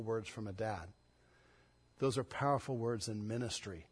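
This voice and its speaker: A man, a pastor, preaching a sermon, swinging between loud emphatic stress and soft, hushed passages. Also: on the low side, moderate pace, husky, big-room sound.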